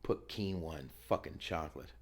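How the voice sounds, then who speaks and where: A man's voice: rumbling low, normal speed. A man hosting a solo podcast, ranting and riffing with lots of profanity while getting over a cold. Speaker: podcast host. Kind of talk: solo comedic podcast rant. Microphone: filming himself on camera.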